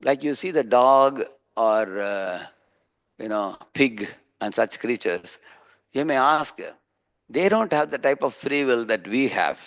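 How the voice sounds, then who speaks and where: A man's voice: mid-range voice, expressive, slow, a bit bright. A man with an Indian accent giving a sermon on scripture. He tells everyday stories, often checks in with a questioning "huh?", and acts out the voices of people in his stories. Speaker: preacher giving a scripture class.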